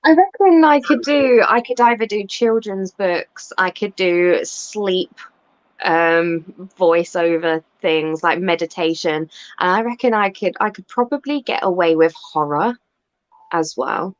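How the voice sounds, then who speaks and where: A woman in a casual group chat, talking animatedly and sure of how clearly she speaks. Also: on the low side, measured pace, no echo, dull audio. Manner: animated, self-assured about her clear speech.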